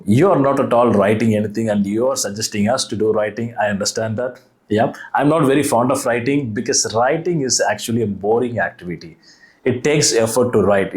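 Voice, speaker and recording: A man's voice: medium pitch, a little mellow. A young man with an Indian English accent gives a casual spoken lesson to the camera, earnest and repetitive, talking to the viewer as a friend. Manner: earnest, repeats advice, addresses viewer as friend. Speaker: English learning youtuber.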